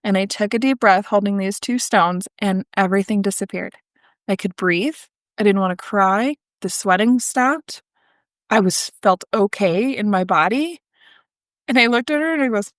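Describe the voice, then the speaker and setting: A woman of mid-range pitch tells her own story as a podcast guest, loose and conversational, dotted with ums and likes and quick restarts. The recording is dry and close, with almost no room sound. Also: dry recording. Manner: conversational, frequent ums and likes, self-correcting. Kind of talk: candid personal storytelling.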